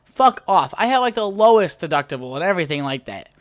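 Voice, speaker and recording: A podcast host from the United States rants on their own show, heated and full of swearing. The voice sits at a middling pitch and is recorded dry and close, with no room sound. The talk runs as one long, angry monologue. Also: very animated, quick pace, dry recording. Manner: profane, heated ranting. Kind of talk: solo podcast rant.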